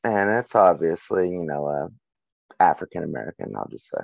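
A man's voice: low-pitched, big pitch swings, moderate pace, gravelly, no echo. A young man co-hosting a casual podcast chat, telling a story and laughing often as he goes. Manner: laughs through a storytelling rant.

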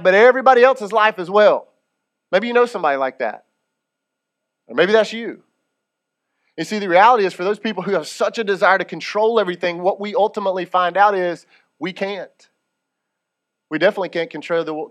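High-voiced preaching pastor. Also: male voice. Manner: preaching, animated, retells scripture in casual speech. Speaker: lead pastor. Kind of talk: sermon.

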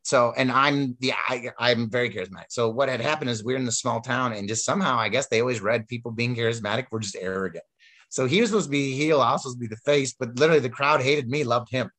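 A man's voice: medium pitch, fast. A man telling long, rambling stories about his wrestling days in casual chat, full of fillers and restarts. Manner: rambling, animated storytelling with many fillers.

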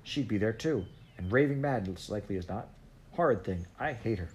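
A man's voice: on the low side, expressive, a little fast, darkish tone, slight background noise, natural voice. A hot-headed young boy from a storybook who grumbles, as a man reads his lines. His voice is only slightly lifted from the reader's own. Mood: grumbling.

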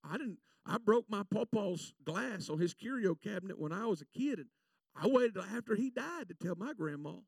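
A man, preaching a fervent sermon and telling folksy stories, stretching out scripture verses slowly. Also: high voice, animated, creaky, no echo. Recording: voice from a distance from the mic, dry sound.

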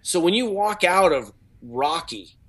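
Middle-aged guy rambling in a chatty interview, bit high pitched, lots of "you know" and restarts. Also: expressive, unhurried, a bit bright. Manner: rambling, many restarts and fillers. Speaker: actor and speaker. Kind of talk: casual interview talk.

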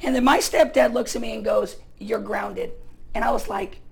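A male pastor from the United States preaching a sermon in a casual, chatty storytelling way, full of fillers, with bursts of loud emphasis. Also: very high voice, fairly even intonation, fast, gravelly, poor audio.

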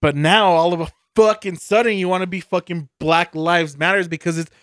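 A man's voice: high voice, steady tone, brisk, fairly bright tone, no room sound, clean studio sound. A man co-hosting a casual podcast, ranting heatedly and swearing constantly. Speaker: podcast co-host. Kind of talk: casual beer podcast chat.

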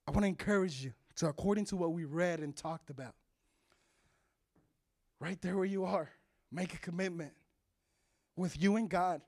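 High-pitched male preacher, emphatic repetitive sermon delivery for online viewers. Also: moderate pace. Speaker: pastor.

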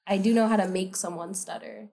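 A woman co-hosting a podcast, chatting casually about a TV episode and chiming in with quick reactions and quotes. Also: medium pitch, steady tone, dark tone. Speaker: podcast co-host. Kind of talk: casual chat recapping a TV episode.

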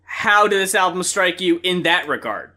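A man's voice: sits high, lively intonation, moderate pace, sharp tone. A man co-hosting a casual music review chat, emphatic and blunt, swearing freely. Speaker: music review podcast co-host.

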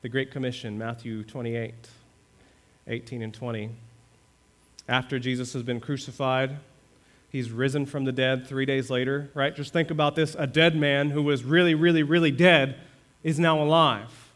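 A male pastor preaching a sermon, asking the congregation questions and building to fervent high points. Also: fairly even intonation, moderate pace, fairly bright tone. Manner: preaching with rising fervor, rhetorical questions to the congregation.

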